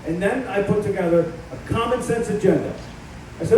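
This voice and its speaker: A man's voice: sits high, brisk, dark tone, distant mic, slight background noise. Combative man speaking in an echoey hall. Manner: combative, storytelling. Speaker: political candidate. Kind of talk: campaign speech. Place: event hall.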